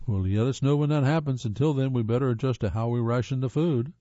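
A man's voice: mid-range voice, quick pace, warm tone, a little hiss or hum, lightly acted. A man voicing a practical, blunt woman castaway who talks in a matter-of-fact way. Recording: dull dry lo-fi audiobook.

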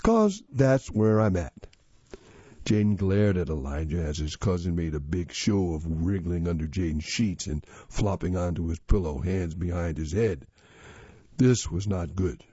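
A man narrating a children's story in a steady, expressive reading voice. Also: low-pitched, moderate pace, slightly rough, no room sound. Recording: slightly dull lo-fi audio.

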